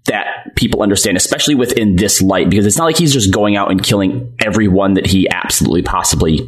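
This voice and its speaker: A man's voice: deep voice, quick pace. A man co-hosting a podcast in casual chat, rambling and hesitant with many fillers and restarts. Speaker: podcast co-host.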